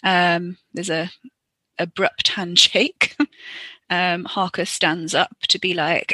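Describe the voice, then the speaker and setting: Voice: mid-range voice, unhurried, pushed and bright, no room sound. A podcaster giving chatty, joking improvised commentary over an old film. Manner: chatty, joking, many fillers.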